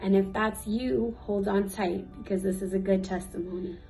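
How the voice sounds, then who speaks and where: A young woman sharing a personal faith testimony, earnest and emotional, pausing with fillers and sometimes teary. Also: mid-range voice, fairly even intonation, vocal fry, mellow, soft background music, poor audio. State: teary at times. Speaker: youth ministry speaker.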